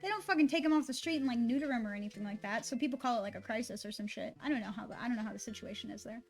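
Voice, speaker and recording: A woman's voice: on the high side, racing, a little mellow, faint music behind. A woman streamer chatting casually and rambling, swearing freely and talking to her dog between thoughts.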